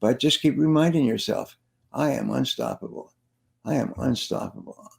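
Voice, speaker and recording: A man's voice: mid-range voice, moderate pace, creaky. A man, a sales trainer and motivational speaker, telling stories in an interview and repeating his key phrases for emphasis. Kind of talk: interview storytelling.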